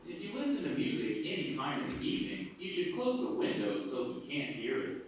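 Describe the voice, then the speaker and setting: A man's voice: on the high side, sing-song, brisk, slight background noise. A man playing a strict roommate who lists his complaints firmly, in a scripted listening exercise played over classroom speakers. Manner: firm, lecturing list of complaints. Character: man named Jim, strict fussy roommate. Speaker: actor in a textbook listening dialogue. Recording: very echoey room, played from far off.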